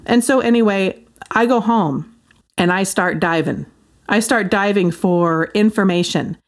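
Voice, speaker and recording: Woman, Christian commentator, casual animated monologue to camera. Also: medium pitch, a little slow. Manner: animated, chatty storytelling with quoted voices and laughs.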